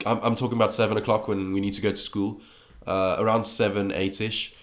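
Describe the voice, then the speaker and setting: A man's voice: fairly low pitch, flat delivery, a little fast. A teenage boy from South Africa with a South African accent, talking casually in a vlog, rambling with fillers and restarts. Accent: South African English. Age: teens. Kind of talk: casual vlog reacting to assumptions.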